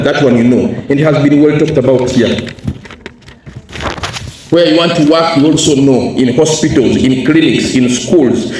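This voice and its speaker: A man's voice: fairly high pitch, darkish tone, far from the mic, a little hiss or hum. Male educationalist, fervent motivational speaker, off-mic in a reverberant hall. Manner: emphatic, asks the audience questions and repeats key phrases. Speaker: guest speaker. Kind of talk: motivational talk to students.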